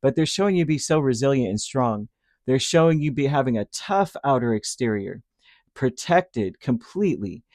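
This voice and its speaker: A man's voice: mid-range voice, expressive, moderate pace, darkish tone, no echo, clean studio sound. Chatty man giving a tarot reading. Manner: rambling and chatty, acts out voices. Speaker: tarot reader. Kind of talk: casual spoken tarot reading.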